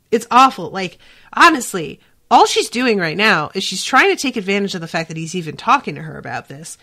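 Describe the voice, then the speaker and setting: A woman hosting a podcast, recapping a TV episode in casual chat, animated and quick to swear. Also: mid-range voice. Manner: animated, swears freely, lots of "like" fillers. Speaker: podcast host.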